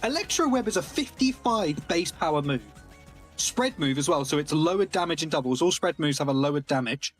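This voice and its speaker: A man giving live play-by-play commentary on a competitive game tournament, excitable and analytical. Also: fairly high pitch, a little fast, soft background music.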